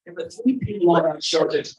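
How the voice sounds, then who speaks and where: A man's voice: a little high, a little fast, reverberant, distant mic, poor audio. A man in his sixties emceeing an event with rambling, joking stage banter and loose asides. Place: event venue.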